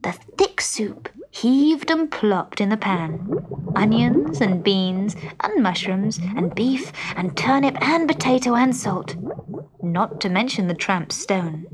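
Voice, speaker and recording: A woman narrating a children's storybook in an expressive, measured way. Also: mid-range voice, noisy background. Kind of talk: storybook reading.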